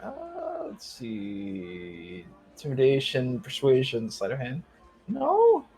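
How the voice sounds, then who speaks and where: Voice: medium pitch, big pitch swings, takes it slowly, mellow, breathy edge, soft background music. Playful tabletop player. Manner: giggly, playful. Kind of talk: casual tabletop play.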